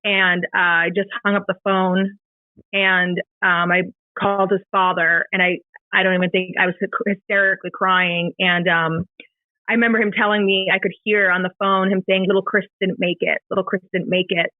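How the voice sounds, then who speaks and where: A woman's voice: medium pitch, level tone, no echo. Middle-aged woman telling her story on a podcast, lots of ums and restarts, sounds thin and phone-like, totally dry. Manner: halting, emotional retelling with many fillers and restarts. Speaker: podcast guest. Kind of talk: personal storytelling in an interview.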